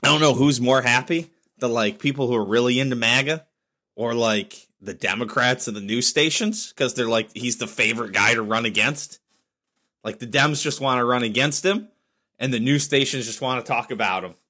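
A man's voice: mid-range voice, normal speed, sharp tone. A man in his thirties hosting a solo podcast, talking bluntly and getting fired up over his opinions. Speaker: podcast host. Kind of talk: casual solo podcast rant.

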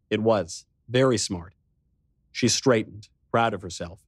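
A man narrating an audiobook in the first person, steady and measured. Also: on the low side, husky, no room sound, studio quality.

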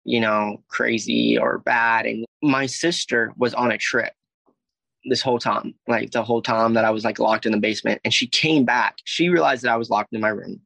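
This young man from Alabama is a guest recounting his story, rambling with lots of "like" and "I was like" and plenty of swearing. His mid-range voice is gravelly with a sharp tone, captured dry in a rough recording.

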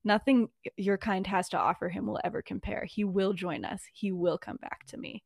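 A sneering male werewolf pack leader who talks low and soft, savoring every threat, read in a young woman's own voice. The delivery stays quiet and taunting rather than loud. The recording is dry and close. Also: fairly even intonation, normal speed, gravelly, dry recording. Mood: menacing.

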